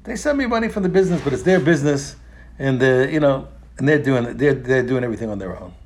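A man voicing a blunt, retired older man who gives frank, matter-of-fact advice in a low, quiet tone. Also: expressive, fast talker, lightly acted.

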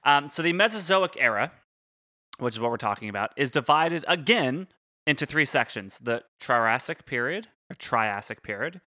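A man's voice: medium pitch, expressive, moderate pace, bright, forceful tone, no echo, clean studio sound. A man co-hosting a podcast, walking through a topic in casual chat and often stopping to correct his pronunciation of big words. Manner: explains step by step, stumbles over and corrects big words. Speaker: podcast co-host presenting the topic.

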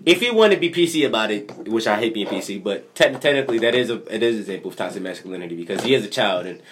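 A young man, a rapper guest on a podcast, chatting casually with fast, profane, joking banter. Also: lowish voice, expressive, slight background noise. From Philadelphia.

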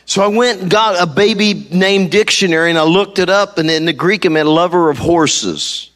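A man's voice: high voice, moderate pace, a bit bright. A middle-aged man preaching a sermon from a church stage, telling funny stories and acting out the people in them. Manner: humorous storytelling, acting out quoted people. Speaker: pastor. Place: church stage before a congregation. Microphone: handheld mic.

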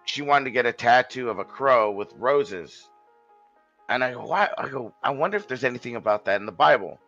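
A man's voice: medium pitch, animated, brisk, pushed and bright, dull audio, soft background music. A man telling a long story in a casual podcast chat, rambling, swearing and restarting his sentences.

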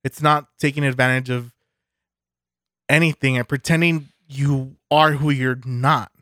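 A man's voice: mid-range voice, fairly even intonation, measured pace, sharp tone, no echo, clean studio sound. A man co-hosting a podcast, venting with fury and sarcasm, swearing heavily. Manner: furious, sarcastic, heavy swearing. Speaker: podcast co-host. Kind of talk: casual podcast rant.

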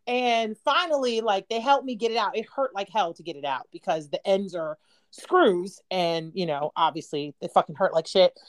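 Medium in pitch and at normal speed, this thirty-something woman co-hosts a podcast and tells a story casually. She swears without restraint, laughs often, and keeps the telling animated.

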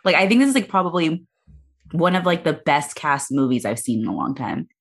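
A woman's voice: low-pitched, very animated, fairly quick, slightly rough. A woman hosting a podcast in casual, joking chat, laughing often between remarks. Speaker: podcast host.

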